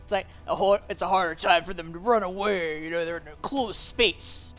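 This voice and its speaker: A woman narrating as game master of a tabletop game, relaxed and chatty, with lots of fillers and laughs. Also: on the low side, fairly quick, faint music behind.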